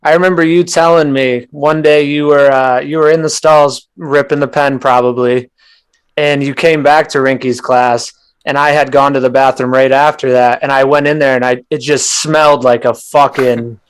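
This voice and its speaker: A man's voice: mid-range voice, steady tone, moderate pace, smooth. A man hosting a casual podcast chat, laid-back and slangy, reminiscing with friends. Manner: laid-back, says "dude" and "bro" a lot.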